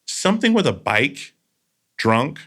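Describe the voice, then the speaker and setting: A man's voice: fairly high pitch, big pitch swings, slow, a bit bright. A man hosting a podcast, telling stories in a casual, earnest way with trailing asides. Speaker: podcast host.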